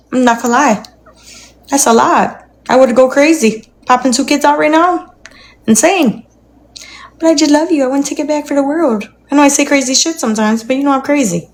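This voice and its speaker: A young woman chatting casually on a phone livestream from her apartment, rambling, with cooing baby-talk to her dog. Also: high-pitched.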